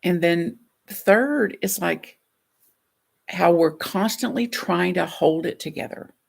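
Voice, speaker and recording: A middle-aged woman minister giving a gentle, reflective sermon with soft laughs. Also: lowish voice, takes it slowly, creaky, breathy edge.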